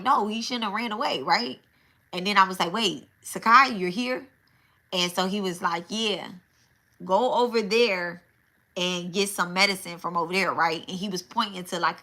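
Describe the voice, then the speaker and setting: A woman's voice: lowish voice, bright, forceful tone. A middle-aged woman giving a live psychic reading, talking loosely and often adding "right?" as she tells a story. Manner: conversational, tag questions, storytelling. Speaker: psychic medium.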